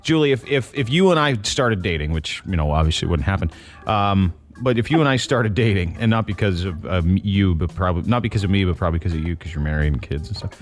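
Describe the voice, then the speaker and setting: Guy hosting morning radio, blunt and jokey, cuts in fast, soft music behind. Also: deep voice, expressive. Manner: blunt, joking, fast interjections. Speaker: radio show host.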